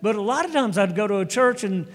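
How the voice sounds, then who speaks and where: Sharing his personal testimony in a sermon, a middle-aged preacher keeps stumbling and starting over as he tells the story. He speaks fast in a high, animated voice, and long hall reverb fills the recording.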